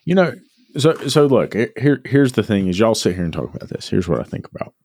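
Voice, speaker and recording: Deep-voiced man reflecting. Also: big pitch swings, brisk, a little mellow, no echo, clean studio sound. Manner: reflective storytelling, repeats words as he thinks. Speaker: podcast co-host. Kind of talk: casual podcast chat.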